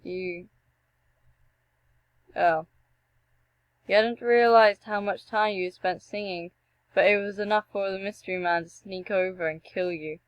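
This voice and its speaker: A young woman reads a text adventure aloud at a middle pitch, breaking off into joking, animated asides. Her voice sits close and dry, with no room sound around it. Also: a little slow, long pauses, no echo, highs cut off. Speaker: gameplay streamer. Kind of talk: reading a text game aloud with commentary.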